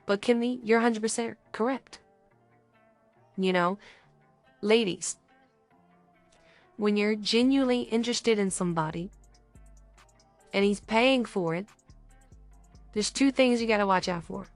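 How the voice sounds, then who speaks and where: A woman's voice: mid-range voice, unhurried, long pauses, no room sound, soft background music. A young woman co-hosting a podcast, chatting casually and acting out little dating scenes as she talks. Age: young adult. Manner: animated, acts out little scenes. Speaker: podcast co-host.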